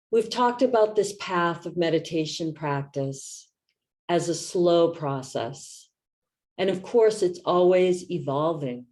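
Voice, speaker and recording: A woman in her fifties, a meditation teacher, giving a reflective talk in a gentle, soft-spoken way. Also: sits low.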